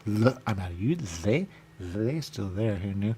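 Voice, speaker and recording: A radio show host with a lowish, darkish voice rambles casually at a slow pace, mumbling but with lively intonation. He keeps repeating "there you go" to himself and chuckles. Slight background noise can be heard.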